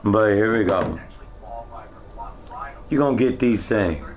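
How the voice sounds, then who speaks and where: A man's voice: fairly low pitch, animated, takes it slowly. A man chatting casually on a porch, walking away to show off the echo. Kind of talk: casual monologue. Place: outdoor porch.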